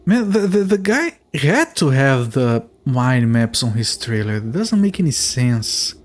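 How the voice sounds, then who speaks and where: A man's voice: medium pitch, sing-song, a little slow. A man streaming a game, chatting with viewers and thinking aloud in a rambling, casual way, sometimes swearing. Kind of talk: casual let's-play commentary.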